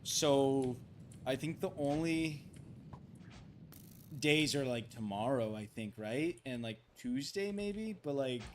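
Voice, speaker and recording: A man's voice: medium pitch, lively intonation, slow, a little hiss or hum. A man streaming a game late at night, rambling with many fillers and restarts, and swearing and pleading when things go wrong. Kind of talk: casual late-night gaming livestream chat.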